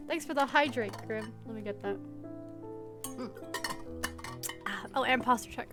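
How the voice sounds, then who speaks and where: A woman's voice: fairly high pitch, normal speed, long pauses. A woman streamer reading through a story game live, chatty and reacting to her chat. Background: background music.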